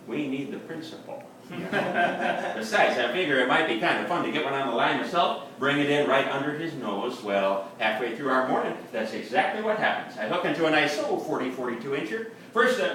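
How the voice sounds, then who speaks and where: A man's voice: medium pitch, sharp tone. A man playing a boastful, folksy fisherman with a Wisconsin accent, telling a comic tall tale in ungrammatical backwoods talk at a live reading. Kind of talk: comic character monologue. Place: upstairs room of a bar at a live reading. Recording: echoey room, mic far off.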